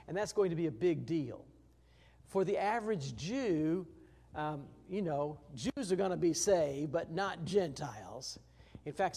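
A man with a slightly higher voice than most, teaching a Bible passage verse by verse. He talks in a relaxed, folksy way with plenty of fillers and false starts. He pushes up louder for emphasis, then drops soft and low for the tender points. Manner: conversational, folksy, with frequent fillers and restarts.

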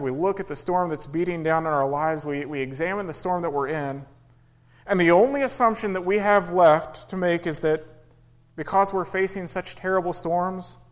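A man's voice: on the high side, moderate pace, rough recording. A man preaching a sermon in an earnest way, rising and falling for emphasis and acting out quoted pleas. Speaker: pastor.

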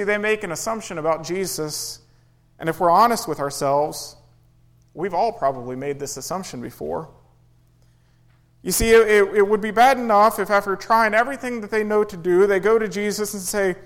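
A man's voice: high-pitched, brisk, poor audio. A man preaching a sermon in an earnest way, rising and falling for emphasis and acting out quoted pleas. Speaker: pastor.

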